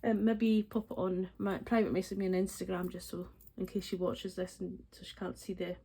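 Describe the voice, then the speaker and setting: A Scottish Highlands woman in her forties, a budgeting vlogger, chats casually in voice-over while cash stuffing, counting money aloud and rambling with plenty of ums. Her voice is lowish, husky and warm, with a level tone and a fairly quick pace. The recording is rough.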